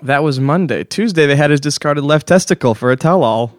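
A man hosting a comedy podcast, delivering a deadpan mock talk-show monologue and breaking into laughs. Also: on the high side, a little fast, no room sound.

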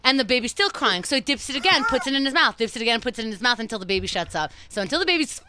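A woman telling stories in casual chat, animated and laughing, with some swearing. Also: on the high side, rapid-fire, background noise.

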